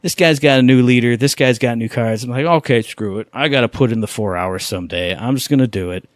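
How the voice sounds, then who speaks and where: A man co-hosting a podcast, talking about video games with animated enthusiasm in casual chat. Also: mid-range voice, a little fast, no echo. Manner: enthusiastic, animated gamer talk. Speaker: podcast co-host.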